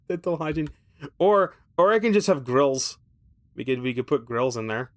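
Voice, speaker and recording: A man's voice: fairly high pitch, steady tone, unhurried. A man streaming a game, thinking aloud with casual commentary that rambles, swears freely and slips in wry, self-mocking asides.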